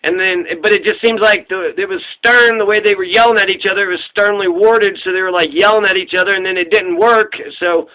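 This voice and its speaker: A man's voice: high-pitched, fairly even intonation, fairly quick, hardly any pauses, bright, forceful tone, rough recording. A man hosting a casual trivia talk, loose and profane, rambling with restarts. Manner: puts on gruff voices to act out quoted people. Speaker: trivia host.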